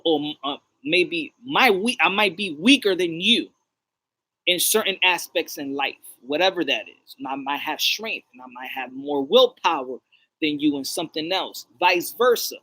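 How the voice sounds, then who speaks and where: A man's voice: a little high, pushed and bright, no room sound, poor audio. A man co-hosting a podcast, talking in a rambling, preachy, repetitive way. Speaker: podcast co-host. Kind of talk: casual chat.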